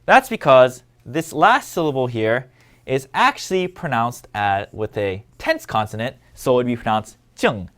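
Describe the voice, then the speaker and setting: Lively-voiced man teaching a language lesson. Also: medium pitch, measured pace. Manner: clear, patient instructional delivery. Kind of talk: scripted language lesson narration.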